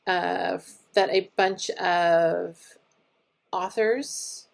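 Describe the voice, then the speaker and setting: A woman co-hosting a podcast, talking through a topic casually and thoughtfully, often pausing to restart her sentences. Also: lowish voice, fairly even intonation, creaky. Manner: thoughtful, hesitant, with many restarts. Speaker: podcast co-host. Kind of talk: casual discussion.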